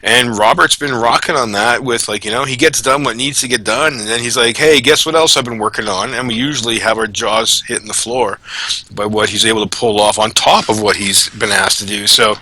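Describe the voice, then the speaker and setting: A man's voice: lowish voice, fairly even intonation, fairly quick, pushed and bright. A man co-hosting a game development livestream in a laid-back, casual way, often calling people "man".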